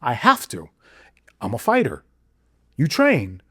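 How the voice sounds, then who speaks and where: A man on a podcast delivering an intense monologue. He asks rhetorical question after rhetorical question and swings from low muttering to loud exclamations. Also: huge pitch swings, slow pace, slightly rough, no room sound, studio quality. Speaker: podcast guest.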